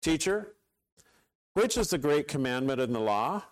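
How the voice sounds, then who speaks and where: A man voicing sarcastic, scheming male questioners in a mocking, high sing-song while reading scripture aloud. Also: very animated, measured pace, dry recording.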